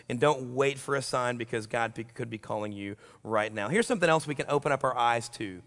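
A man giving a sermon as a youth pastor, animated and full of jokes, acting out the voices he quotes. His voice sits fairly high, and a long reverb trails each line in a large church hall. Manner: animated, joking, acts out quotes.

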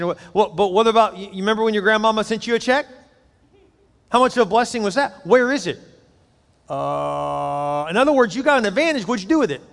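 High-voiced man preaching in a hall. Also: lively intonation, quick pace, creaky, fairly bright tone. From United States. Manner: conversational preaching, acts out quoted voices. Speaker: pastor. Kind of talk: sermon.

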